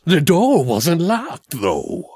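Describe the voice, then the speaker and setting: A man imitating a creepy masked male killer, talking in a mumbled, dull monotone. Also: a little high, extremely slow, breathy edge, no echo, studio quality, pitched above the performer's own voice, exaggerated voice. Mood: flat.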